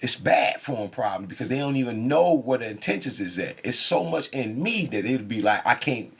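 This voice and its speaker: A man's voice: mid-range voice, expressive, a little fast, vocal fry, a bit bright, breathy edge. A man speaking in an intense, profane, rambling spiritual monologue, laughing often.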